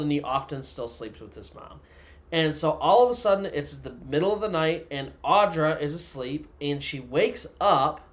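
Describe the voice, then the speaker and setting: A man telling a creepy story in a loose, conversational way, with lots of filler words. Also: fairly high pitch. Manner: conversational, loose, full of "you know" and "kinda". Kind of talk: casual storytelling narration.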